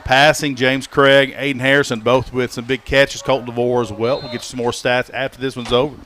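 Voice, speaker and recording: A man doing color commentary for a high school football game, relaxed and reading out stats. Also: a little fast. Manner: relaxed, reads stats, easygoing.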